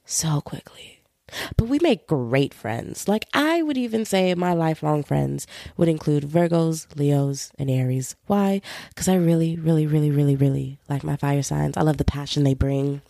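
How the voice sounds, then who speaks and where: A woman's voice: sits low, normal speed, vocal fry, dry recording, clean studio sound. A young woman hosting her own podcast, talking casually and playfully while feeling a bit unwell. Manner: chatty, playful, animated with voices for roommates. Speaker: podcast host. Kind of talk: casual solo podcast chat.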